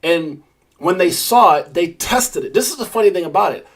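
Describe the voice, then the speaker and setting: A middle-aged man hosting a crypto live stream, talking in a rambling, animated way and answering viewers in the chat by name. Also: sits high, normal speed. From Brownsville, Brooklyn, New York. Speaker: crypto livestream host.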